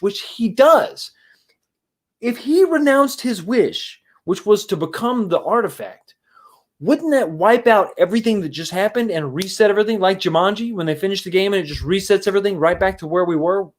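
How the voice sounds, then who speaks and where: A man's voice: sits high, lively intonation, normal speed. A man giving a casual livestream movie review and answering chat, rambling and exasperated, blunt and profane, with many restarts and rhetorical questions.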